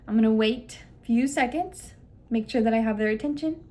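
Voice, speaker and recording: A young woman speech therapist gives an instructional demonstration, walking parents through a listening game step by step. Her voice is fairly high, fairly quick and mellow, and she models exaggerated emphasis on key words.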